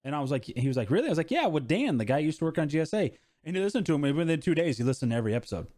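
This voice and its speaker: A man's voice: fairly high pitch, big pitch swings, rapid-fire, mellow. A man co-hosting a casual podcast, chiming in with dry, laid-back remarks. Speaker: podcast co-host.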